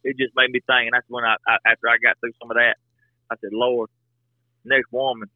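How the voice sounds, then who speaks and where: A man with a drawl talks earnestly and a bit haltingly, circling back on his words as he tells a story. His voice sits at an ordinary pitch. The sound is thin and phone-like, with a dry, close feel. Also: flat delivery, dry recording. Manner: earnest, folksy, talks in restarts. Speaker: podcast guest. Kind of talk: casual storytelling conversation. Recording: tinny phone-like line, dry.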